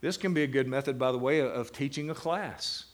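A man teaching a class on meditating on the Bible, slowing down to stress single words and breaking into lively asides. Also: mid-range voice.

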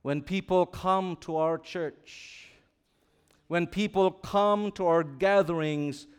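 A man's voice: sits high, clean tone. A male pastor preaching a sermon, asking the congregation to repeat words back and swelling and dropping his voice for emphasis. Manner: slow, swelling preacher delivery with call-and-response.

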